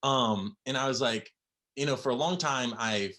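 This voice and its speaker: A young man telling a personal story on a podcast, halting with many fillers and close to tears. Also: medium pitch, sharp tone. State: near tears. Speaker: podcast guest.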